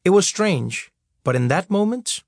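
Man, husky voice, dry close mic, wry memoir narration. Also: sits high, sing-song, measured pace, no echo. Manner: wry, storytelling. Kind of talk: audiobook memoir reading.

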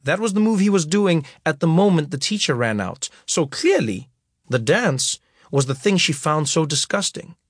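Lively man telling a story. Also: a little high, moderate pace, breathy edge, no room sound, studio quality. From South Africa. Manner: lively storytelling that acts out scenes. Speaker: narrator. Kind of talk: memoir audiobook narration.

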